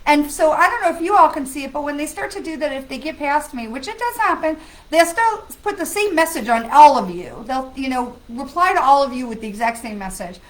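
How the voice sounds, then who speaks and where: A woman's voice: high-pitched, animated, brisk, rough recording. A woman hosting a live stream as a psychic medium, chatting earnestly with viewers and greeting them by name. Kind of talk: casual live-stream chat.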